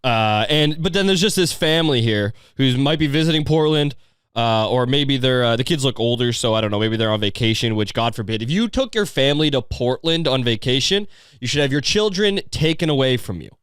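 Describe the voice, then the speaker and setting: Man, podcast host, rambling, swearing, sardonic, dry close sound, medium pitch. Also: animated, fairly quick, fairly bright tone, clean tone, no room sound. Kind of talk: casual commentary on a video.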